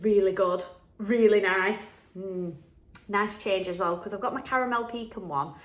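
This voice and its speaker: A woman's voice: mid-range voice, fairly even intonation, normal speed. Woman vlogger, chatty and cheerful, echoey room. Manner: chatty and upbeat, laughs often. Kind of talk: casual chat to camera. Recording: echoey room with faint music.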